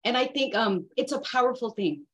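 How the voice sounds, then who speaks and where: A woman on a video call, talking in a halting, earnest way with many fillers and restarts during a group discussion. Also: fairly high pitch, lively intonation, a bit bright, a little hiss or hum, low-quality recording. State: getting emotional. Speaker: workshop participant.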